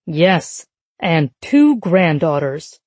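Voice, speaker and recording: A woman's voice: low voice, sing-song, drawn-out words, a little mellow, breathy edge, no echo, full character voice. A woman voicing a devoted, teasing husband who tells playful fibs with a straight face. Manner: dry, playful fibbing. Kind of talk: audiobook narration.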